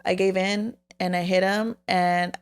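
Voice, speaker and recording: Frank, profane young woman with smooth voice. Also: fairly low pitch, measured pace. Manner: frank, profane, animated storytelling. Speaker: podcast co-host. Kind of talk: candid casual chat.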